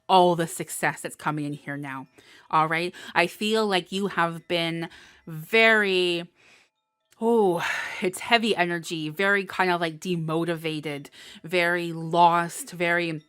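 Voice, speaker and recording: A woman's voice: fairly low pitch, fairly bright tone, clean tone, no echo. A woman giving a live tarot horoscope reading, gushing and emotional, laughing often as she channels. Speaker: tarot reader.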